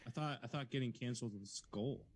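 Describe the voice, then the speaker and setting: A man's voice: mid-range voice, fast. A man co-hosting a comedy podcast, talking in casual chat, rambling and laid-back with many fillers. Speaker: podcast co-host.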